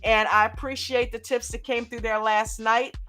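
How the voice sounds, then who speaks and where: Bright-voiced woman hosting a live chat. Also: on the high side, normal speed, faint music behind. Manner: lively, greets viewers by name, laughs often. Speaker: live stream host. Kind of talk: casual live chat shout-outs.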